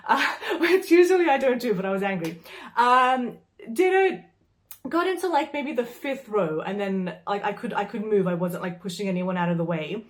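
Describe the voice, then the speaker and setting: A woman tells a story straight to her viewers. Her voice sits at a middle pitch, and she talks in a loose, chatty way. She sounds exasperated, with plenty of fillers and an occasional swear. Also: expressive, fairly quick. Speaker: vlogger. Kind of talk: casual storytelling vlog.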